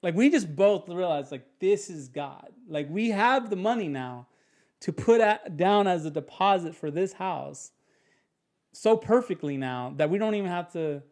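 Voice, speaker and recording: Here a young man on a podcast tells a story in loose chat, impersonating people animatedly and restarting fast. His voice sits high.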